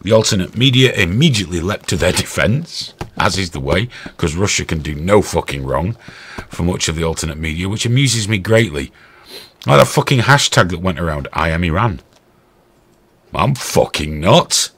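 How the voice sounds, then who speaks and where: A man's voice: lowish voice, expressive, moderate pace, bright, forceful tone, husky. A middle-aged English man hosting a show, giving a blunt, sarcastic, heavily sworn rant about the news. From England. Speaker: show host. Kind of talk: ranting commentary.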